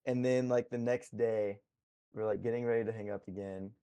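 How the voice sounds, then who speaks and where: A man hosting a casual podcast, relaxed, asking questions and laughing easily. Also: on the low side, normal speed, smooth. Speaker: podcast host.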